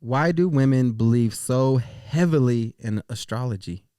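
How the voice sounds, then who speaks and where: A man's voice: mid-range voice, unhurried, smooth, dry recording, clean studio sound. A man co-hosting a casual podcast, telling funny stories and laughing often. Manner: joking, animated storyteller who laughs a lot. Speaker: podcast co-host. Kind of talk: casual couple's podcast chat.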